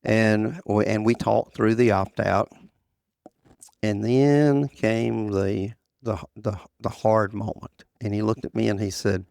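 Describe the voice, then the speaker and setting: An older man recounts events at an easy pace, circling back and repeating himself as he quotes the people involved. His voice is low and gravelly. The recording is dry and close. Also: steady tone, a little mellow, no room sound. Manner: unhurried storyteller, repeats phrases, quotes others. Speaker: interview guest, former association president. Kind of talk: storytelling in conversation.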